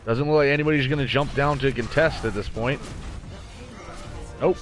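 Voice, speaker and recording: A man casting a community video game match in a relaxed, casual way. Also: medium pitch, normal speed, soft background music. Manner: laid-back, chuckles often. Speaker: esports caster.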